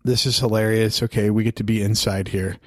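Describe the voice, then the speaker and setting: A man co-hosting a podcast, casually telling stories and acting out imagined movie scenes with animated delivery. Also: fairly low pitch, a little fast, dry recording, clean studio sound. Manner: animated storytelling, acts out scenes. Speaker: podcast co-host. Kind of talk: casual film discussion.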